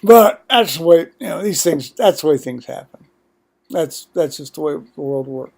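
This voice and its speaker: Rambling older man, blunt and high-voiced. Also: lively intonation, moderate pace, vocal fry, a little mellow. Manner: digressive, blunt, profane asides. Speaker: vlogger. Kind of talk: rambling home video monologue.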